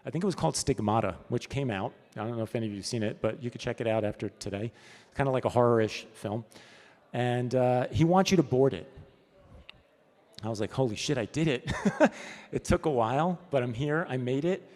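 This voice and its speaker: A man's voice: medium pitch, brisk, darkish tone. A man giving a conference talk as a storyboard artist, telling anecdotes in a casual, chatty way with frequent "right?" asides. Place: event hall. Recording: long hall reverb.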